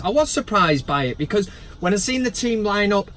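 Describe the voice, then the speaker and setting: A man's voice: sits high, lively intonation, fairly quick, fairly bright tone. A man hosting a football vlog, chatting casually in a rambling, jokey, self-mocking way, recorded on a camera without a separate microphone inside a van. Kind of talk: casual chat. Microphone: camera's built-in mic, no microphone.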